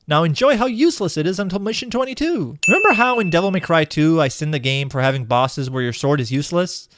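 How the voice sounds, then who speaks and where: High, animated sarcastic man. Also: fast talker, hardly any pauses, background noise. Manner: sarcastic and exasperated. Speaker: video game critic host. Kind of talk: scripted comedic review narration. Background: game music.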